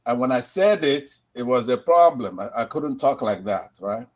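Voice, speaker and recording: A man's voice: mid-range voice, lively intonation, moderate pace. A man speaks emphatically on a call-in line. He drives his points home and caps them with rhetorical tag questions. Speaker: caller. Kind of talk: call-in commentary.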